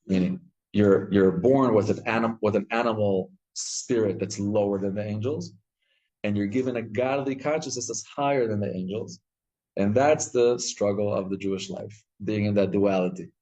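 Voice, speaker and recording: A man teaching a Torah class, telling stories with lively acted-out quotes and frequent restarts. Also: fairly low pitch, low-quality recording. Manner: animated storytelling, acts out quotes, frequent restarts.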